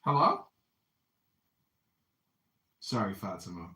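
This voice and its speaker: A man's voice: fairly low pitch, very animated, slow pace, sharp tone, reverberant. A man hosting a casual live chat with a caller, teasing her with mock-sincere, jokey banter. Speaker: host.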